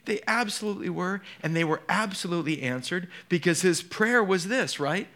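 A male pastor preaches an animated sermon, shifting between hushed and emphatic tones and putting questions straight to his congregation. His voice is high-pitched, and he speaks at normal speed with few pauses.

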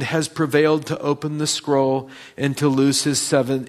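A man's voice: a little high, fairly even intonation, moderate pace, few pauses. Male preacher, expository sermon, emphatic peaks when reading and stressing key phrases. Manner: reads scripture aloud with rising emphasis.

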